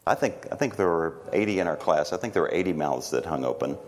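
A middle-aged man, teaching a church class on emotions in a gentle, halting way with many fillers, slowing down softly when he reads prayers. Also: low-pitched, lively intonation. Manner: slow and soft when reading prayers. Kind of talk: teaching talk with guided reflection.

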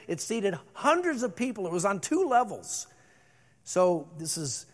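A middle-aged male pastor preaching a sermon, moving between loud emphasis and hushed calm. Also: high voice.

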